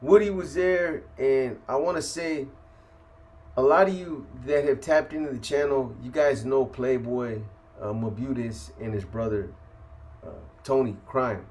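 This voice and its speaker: A man's voice: mid-range voice, a little slow, a little mellow. Man from San Francisco spinning street stories. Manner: profane, streetwise slang, lots of "you know" and "man". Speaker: host telling prison stories. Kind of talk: casual storytelling.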